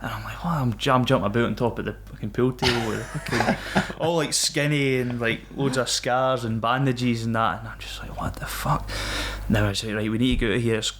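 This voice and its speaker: A man's voice: medium pitch, fairly quick, hardly any pauses, noisy background. A Scottish man, a former Royal Marine, telling stories on a podcast in casual, swearing chat that he breaks with laughs. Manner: swearing, animated, laughs mid-story. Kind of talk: casual storytelling.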